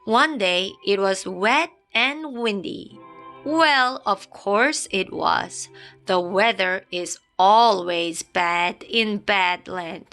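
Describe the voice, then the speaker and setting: A woman draws out her words at medium pitch, her tone fairly bright, as she reads a children's picture book aloud. The reading is dramatic and playful, with sound effects, and faint music plays underneath.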